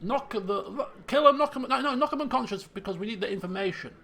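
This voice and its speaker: A man's voice: extremely high pitch, expressive, brisk, creaky, pushed and bright, pitched above the performer's own voice, heavily acted. A man voicing an eager male quest-giver in a game, urgent and commanding.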